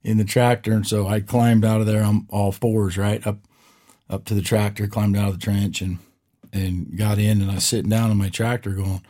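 A middle-aged man co-hosts a casual podcast, spinning a story and acting out every quoted line. His voice is low, mellow and husky. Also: moderate pace. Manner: animated storyteller, acts out quotes. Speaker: podcast co-host.

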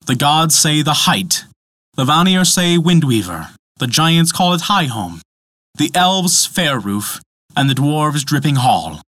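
A man's voice: a little high, sing-song, slow pace, a bit bright, dry recording, studio quality, heavily acted. A man putting on a haughty blunt dwarf. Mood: recital. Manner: haughty, testy. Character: blunt proud male dwarf, pale and testy.

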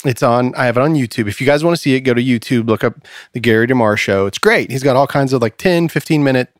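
A man hosting a podcast, telling stories in an animated way and laughing often. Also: medium pitch, fast talker, dry recording, clean studio sound. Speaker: podcast host. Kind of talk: casual conversation. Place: studio.

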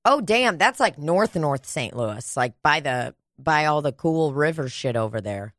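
Woman co-host, rambling casual chatter with crude asides; lower voice, dry sound. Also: lively intonation, measured pace, a bit bright, dry recording. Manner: rambling, crude, trails off and restarts. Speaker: podcast co-host. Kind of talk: casual chat.

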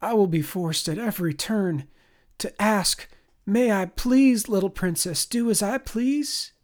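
A woman's voice: lowish voice, wildly swooping pitch, brisk, creaky, heavily acted. A man voicing a bitter, scornful woman captain who mocks her new underling. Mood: mocking. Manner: mocking, sneering.

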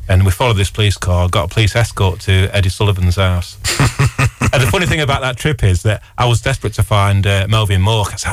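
A man with a fairly low voice chats as a radio guest. He tells long, meandering anecdotes, stacking fillers and false starts as he goes. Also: quick pace, no echo. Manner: rambling storyteller, frequent fillers and restarts. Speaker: radio guest, record dealer. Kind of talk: casual chat.

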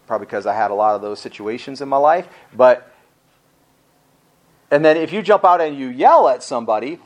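A male pastor giving a conversational sermon, telling a personal story in a rambling, folksy way and often correcting himself as he goes. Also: mid-range voice. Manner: folksy, talks directly to the congregation.

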